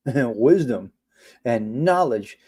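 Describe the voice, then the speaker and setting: A man's voice: expressive, extremely slow, a little mellow, husky. An older man hosting a casual live stream, given to exasperated, incredulous rants. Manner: exasperated, incredulous rants that jump high in pitch. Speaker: livestream host.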